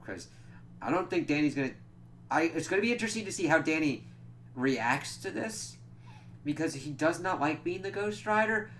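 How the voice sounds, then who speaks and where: A man giving a casual spoken comic book review, retelling scenes with animated acted-out quotes and lots of "like". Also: mid-range voice, a little hiss or hum. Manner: animated retelling, acts out characters' lines, frequent "like".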